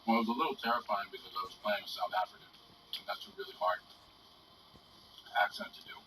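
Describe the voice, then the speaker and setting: A man being interviewed as a guest, telling lively anecdotes in a casual way. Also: quick pace, background noise. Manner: lively anecdotes with sudden jumps in pitch. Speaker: guest actor. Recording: distant mic with room ambience.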